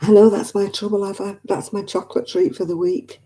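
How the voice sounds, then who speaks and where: Very mellow-voiced woman host. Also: mid-range voice, fairly even intonation, a little fast. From northwest England. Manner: chatty, rambling, laughs easily. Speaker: craft livestream host. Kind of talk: casual chat with live viewers.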